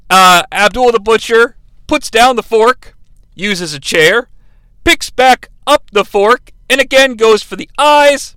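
A man's voice: high voice, bright, forceful tone, clear, resonant tone, no room sound. A man hosting a comedic wrestling review, calling the action with sarcastic, profane asides. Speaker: host reviewing wrestling matches. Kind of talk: comedic play-by-play commentary.

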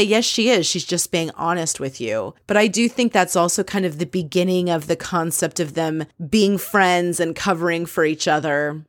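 A woman's voice: lowish voice, no echo, clean studio sound. A woman casually recapping a reality show episode, opinionated and candid, swearing freely as she quotes what others said.

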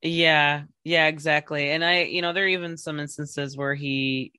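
Bright, chatty woman podcast host. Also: deep voice, steady tone, moderate pace, smooth, dry recording, clean studio sound. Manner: rambling, many fillers and restarts, laughs often. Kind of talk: casual interview chat.

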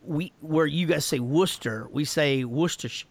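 Answering fan questions in a casual podcast chat, an American man speaks at a moderate pace in a fairly high, creaky voice. He laughs a lot, swears, and rambles with frequent restarts.

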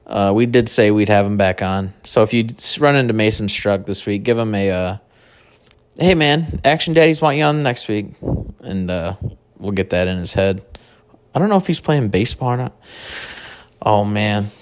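A man's voice: fairly low pitch, normal speed, clean tone. A man from mid-Michigan hosting a casual sports podcast, rambling and joking at his own expense. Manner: rambling, joking, self-mocking.

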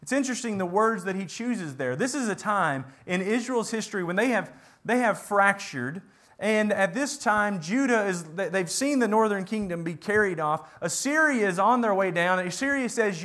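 High-voiced man preaching a sermon. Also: expressive, moderate pace, fairly bright tone. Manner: reads scripture aloud and explains it, voicing God and the people in quotes.

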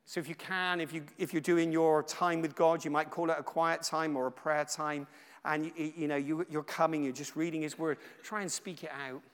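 A guest preacher with a somewhat high voice delivers a sermon with emphatic, repeated phrases. He swings from loud declarations to soft, hushed lines. His voice rings with a long reverb from a large hall. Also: little pitch movement, moderate pace, clean tone.

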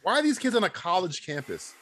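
Brief: excitable man, bit high, very lively pitch, swears, watch-along banter. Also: fast. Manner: excitable, swears, bursts into shouts. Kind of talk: casual movie-watching commentary.

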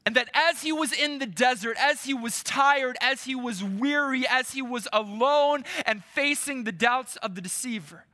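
A male pastor preaching a sermon to his church, slow and emphatic, with dramatic pauses. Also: extremely high pitch, pushed and bright.

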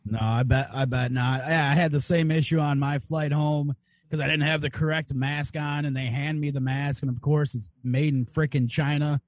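A man's voice: on the high side, steady tone. A man co-hosting a live stream, chiming in casually and reading out viewer donations. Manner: quick agreeing interjections. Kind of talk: casual chat.

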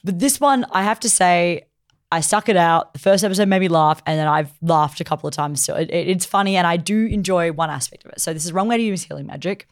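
A woman co-hosting a podcast, recapping an anime plot in casual, animated chat full of fillers. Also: lowish voice, fast talker. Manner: chatty and animated, acts out characters' lines. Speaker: podcast co-host.

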